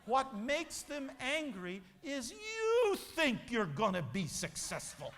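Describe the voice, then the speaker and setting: A man's voice: very high voice, wildly swooping pitch, takes it slowly, a bit bright, a little hiss or hum. A man giving an emphatic motivational speech to a convention audience, telling a story like a preacher. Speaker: motivational speaker. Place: large convention hall. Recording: long hall reverb.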